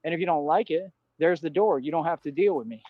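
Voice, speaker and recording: A man with a slightly high voice rants defiantly into a livestream, looping back to the same points in loose street slang. The audio is dull and lo-fi, with a dry, close sound. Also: fast, no echo. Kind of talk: ranting livestream monologue.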